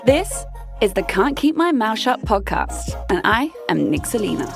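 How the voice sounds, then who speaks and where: A woman's voice: medium pitch, big pitch swings, moderate pace, creaky, over music. A young adult woman hosting a podcast, talking candidly and bluntly with lots of swearing and laughter. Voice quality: brash, profane, laughs often. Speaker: podcast host. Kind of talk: candid solo podcast chat.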